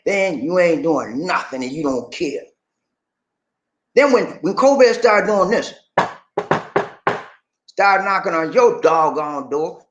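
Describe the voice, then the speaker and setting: A man preaches his vlog rant in a high, lively voice that climbs and drops. He repeats phrases for emphasis and sometimes shouts. The room around him rings with echo. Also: background noise. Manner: preachy, repetitive, swings between shouting and sighing. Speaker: YouTube dating channel host.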